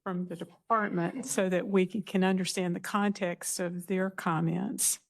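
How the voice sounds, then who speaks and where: A woman commissioner asking questions at a public meeting, speaking deliberately and searching for words. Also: lowish voice, fairly even intonation, creaky. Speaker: commission member.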